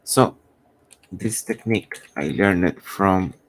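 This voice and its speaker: A man, a comic artist who is losing his voice, thinking aloud in halting, rambling commentary while he draws on a live stream. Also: low-pitched.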